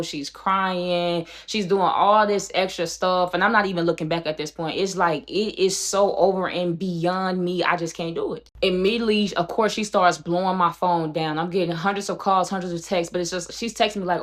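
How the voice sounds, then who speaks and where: Brief: a young woman vlogger with a lowish voice, animated storytime delivery. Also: normal speed, hardly any pauses. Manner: animated, addresses viewers as "y'all". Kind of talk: storytime vlog.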